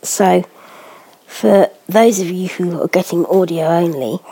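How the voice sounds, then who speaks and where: While spoon-feeding a baby, a woman vlogs casually, cooing in baby talk and frequently dropping to a soft whisper. Her voice is lowish and slightly rough, and she speaks a little slowly.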